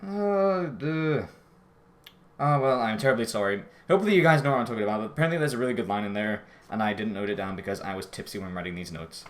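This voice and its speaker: A man's voice: very fast, few pauses. Rambling man reviewing an episode. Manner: rambling, self-correcting, often apologetic; voice jumps high when out of breath. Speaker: show reviewer. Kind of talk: casual spoken episode review.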